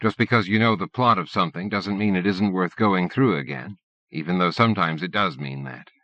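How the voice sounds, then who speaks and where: A man's voice: deep voice, brisk, bright, forceful tone, no room sound. A man voicing a patient male scientist who speaks in a plain, reasonable way. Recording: dull dry cassette-era audiobook recording.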